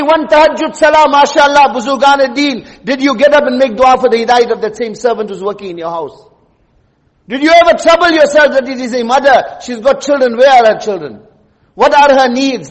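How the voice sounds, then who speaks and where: Male preacher, very high voice, emphatic sermon delivery with repeated lines, long hall reverb. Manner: emphatic, rhetorical questions, repeats key phrases. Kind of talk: Friday sermon.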